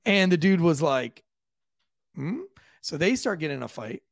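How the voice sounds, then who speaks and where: A police officer tells a wild story in a casual, profane way, slipping into the voices of the people involved. His voice is a little high and gravelly, and it is recorded dry and close with no room echo. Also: normal speed. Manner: profane, lively, acts out quoted voices.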